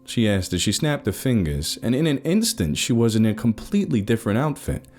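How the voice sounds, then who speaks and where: A man narrating a first-person story, giving each character an expressive voice. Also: medium pitch, a little fast, faint music behind.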